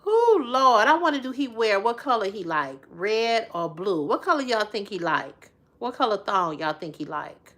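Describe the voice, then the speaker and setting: A woman's voice: medium pitch, big pitch swings, normal speed, hardly any pauses. Giggly woman hosting a livestream. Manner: laughs often, exclaims loudly; chatty, teasing, folksy. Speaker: livestream host. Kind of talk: casual livestream chat reading viewer comments.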